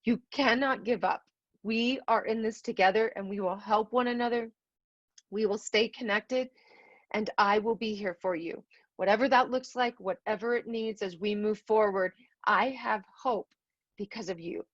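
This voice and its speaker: A middle-aged woman gives a heartfelt keynote to teachers over a video call, earnest and emotional, repeating phrases for emphasis. Her mid-range voice moves at a moderate pace, and the call audio is dry and slightly dull.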